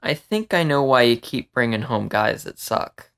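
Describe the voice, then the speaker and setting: A man's voice: mid-range voice, moderate pace, clean tone. A man reading a story, voicing a stocky male rat who teases with a smirk. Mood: smug. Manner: smirking, deadpan teasing.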